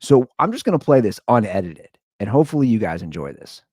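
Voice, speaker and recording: A male podcast host talking casually and rambling through a story. His voice swings widely in pitch as he tells it, and the sound is close and dry with no room echo. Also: sing-song, fast talker, a little mellow, slightly rough. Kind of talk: casual monologue.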